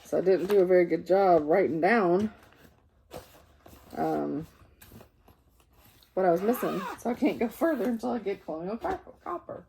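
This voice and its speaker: Tired woman with a low gravelly voice. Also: lively intonation, moderate pace, pauses often, warm tone, a little hiss or hum. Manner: rambling, with many fillers and self-corrections. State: tired and yawning. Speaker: cross-stitch vlogger showing works in progress. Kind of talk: casual show-and-tell chat.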